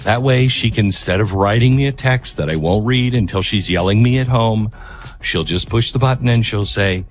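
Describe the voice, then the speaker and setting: A man's voice: medium pitch, normal speed, faint music behind. A man hosting a political talk radio show and reading an ad in an emphatic, conversational way, often breaking off to restart his sentences.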